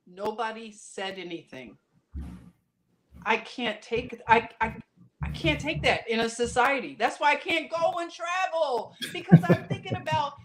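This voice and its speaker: An impassioned woman with a slightly raised pitch, talking as a podcast guest. She tells her story in quick, tumbling runs with many restarts. Now and then she flares into loud outbursts. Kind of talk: casual podcast conversation.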